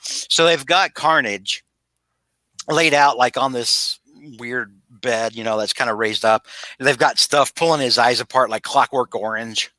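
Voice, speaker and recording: A man's voice: mid-range voice, unhurried, sharp tone, no room sound. A man recapping a comic book on a podcast in a casual, rambling way, full of fillers and restarts, over a video call. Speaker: podcast host.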